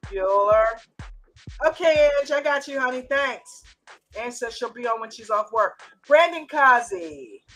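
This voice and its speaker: A woman's voice: high voice, expressive, moderate pace, fairly bright tone, soft background music. An American woman hosting a live trading chat stream, playful and teasing, laughing often and greeting viewers by name. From United States.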